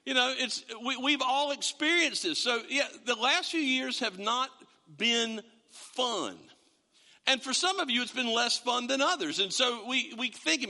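A man preaching a sermon in a church, in a conversational, animated storytelling way. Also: extremely high pitch, normal speed. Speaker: pastor. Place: church sanctuary. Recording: long reverb of a large hall.

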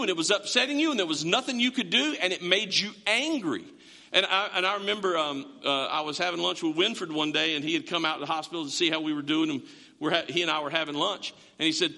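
A man's voice: high-pitched, lively intonation, fairly quick, bright, forceful tone, long reverb tail. A man preaching a sermon as pastor, in a conversational way, repeating words and asking the congregation questions, in a church sanctuary.

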